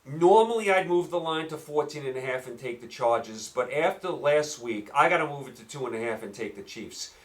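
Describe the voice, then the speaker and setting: A man with a New York accent hosting a solo football picks show, rambling and animated, firing rhetorical questions at listeners. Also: a little high. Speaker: sports betting podcast host. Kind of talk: solo sports picks talk.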